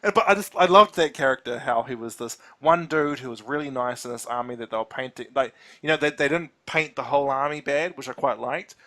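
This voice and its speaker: A man co-hosting a casual podcast chat, animated, acting out quotes with laughing asides. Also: medium pitch, brisk, few pauses. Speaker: podcast co-host.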